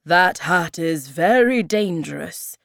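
A woman voicing a serious, firm troll father in a storybook, speaking with a louder, firmer voice. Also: on the low side, lively intonation, takes it slowly, creaky, no room sound, clean studio sound, exaggerated voice.

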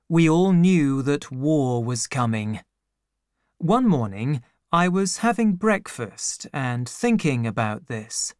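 A man narrating an audiobook chapter in the first person, with slow, measured, plain storytelling. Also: mid-range voice, no room sound, clean studio sound.

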